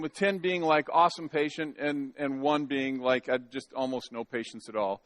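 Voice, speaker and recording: Folksy joking pastor, bright voice. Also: male voice, a little high, no room sound. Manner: folksy and joking, with many restarts. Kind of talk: sermon. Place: church sanctuary.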